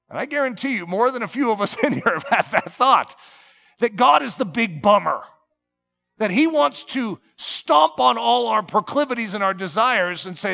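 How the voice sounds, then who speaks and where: A male preacher delivering a sermon with a high, bright voice and a gravelly edge. He talks earnestly to his congregation, dropping low and gentle, then pressing hard on key points. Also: animated, moderate pace. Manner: earnest, swinging between soft and emphatic.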